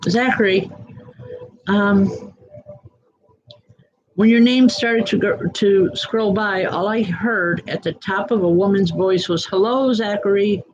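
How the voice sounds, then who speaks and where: A woman acting as a reverend and psychic medium, giving live readings in a gentle, reassuring way and calling viewers by name, with many "um" fillers. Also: medium pitch, steady tone, slow pace, pauses often, muffled recording, a little hiss or hum.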